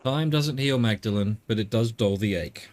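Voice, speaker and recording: A man voicing a grieving old father, low and heavy. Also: moderate pace, darkish tone, close to an everyday voice. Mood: sorrowful. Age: older. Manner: heavy, subdued storytelling. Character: grieving old widowed father, gentle and devout. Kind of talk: reading game dialogue aloud.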